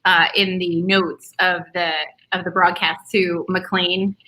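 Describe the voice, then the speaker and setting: A woman's voice: lowish voice, little pitch movement, slow, pushed and bright, poor audio. A woman hosting an interview in a casual, enthusiastic way, laughing easily and praising her guest. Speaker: host.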